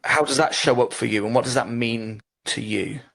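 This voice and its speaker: A man's voice: mid-range voice, normal speed, creaky, fairly bright tone, slightly rough. A man interviewing a guest and asking open, probing questions.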